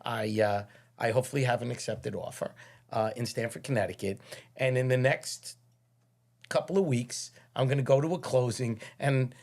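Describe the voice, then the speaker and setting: Chatty New podcast host. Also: male voice, mid-range voice, steady tone, normal speed, darkish tone. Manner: chatty, repeats words while finding his thought. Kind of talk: casual interview conversation.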